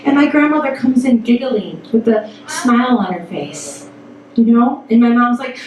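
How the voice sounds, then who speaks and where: High-voiced woman telling a profane tale. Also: moderate pace, a little hiss or hum. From Toledo, Ohio. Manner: profane, animated, acts out quotes. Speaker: storyteller. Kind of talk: live comic storytelling. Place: stage before a live audience. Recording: echoey hall, mic at a distance.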